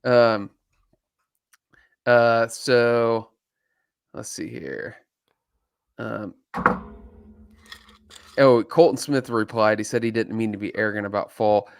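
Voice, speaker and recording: A man's voice: fairly low pitch, fairly even intonation, takes it slowly, vocal fry, long pauses, smooth, dry recording. Joking man co-hosting a podcast, dry sound. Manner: joking, laughs often, many fillers. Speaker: podcast co-host. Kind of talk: casual live podcast chat.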